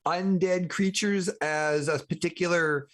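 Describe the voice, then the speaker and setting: A man's voice: fairly high pitch, fairly even intonation, unhurried, a bit bright. A man playing a tabletop role-playing game, eagerly describing his character's actions. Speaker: player.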